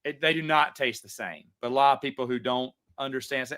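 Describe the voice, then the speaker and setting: A man's voice: mid-range voice, fairly quick, hardly any pauses, fairly bright tone. A man hosting a casual livestream, answering viewer chats in a rambling way with frequent stammers and restarts.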